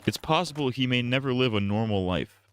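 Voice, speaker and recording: A man voicing a solemn doctor who speaks slowly and formally. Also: medium pitch, expressive, a little hiss or hum, close to an everyday voice. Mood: grave.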